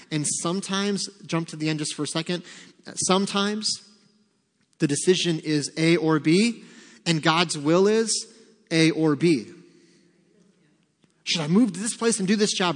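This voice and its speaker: A man preaching a sermon as pastor, emphatic, acting out quoted prayers and God's replies with rising force. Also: fairly high pitch. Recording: long reverb of a church hall.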